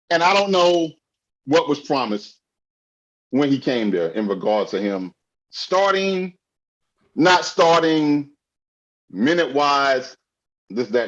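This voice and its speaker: A man co-hosting a sports podcast, ranting heatedly and often yelling. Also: sits high, breathy edge, rough recording. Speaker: podcast co-host.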